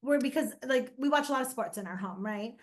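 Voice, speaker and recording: A woman guest on an interview, telling lively stories about raising her autistic son, laughing often and acting out quoted lines in casual chat. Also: fairly high pitch, fairly quick.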